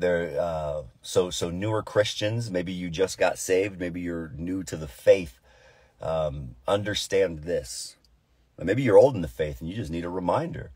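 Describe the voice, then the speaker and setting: A man's voice: sits low, a little mellow, husky, no room sound. A man giving an informal devotional Bible teaching, earnest and repeating phrases for emphasis.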